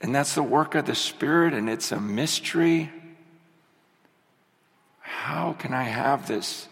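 A man's voice: mid-range voice, slow pace, vocal fry, fairly bright tone. A young man preaching a sermon with strong emotion, often repeating and restarting his phrases. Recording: long hall reverb.

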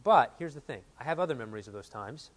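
A man's voice: mid-range voice, fast. Earnest man preaching a sermon. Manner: earnest, animated, reads quotes aloud. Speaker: pastor.

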